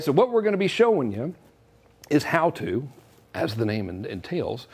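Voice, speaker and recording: A man's voice: a little high, darkish tone, slightly rough. A man giving a joking, salesy marketing talk straight to camera. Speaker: online marketing presenter.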